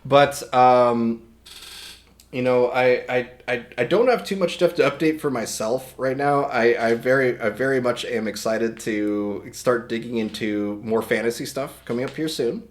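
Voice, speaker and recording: A man hosting a livestream, talking casually and rambling with many restarts, his voice a little hoarse today. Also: mid-range voice, unhurried. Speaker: livestream host. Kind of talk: casual stream chat.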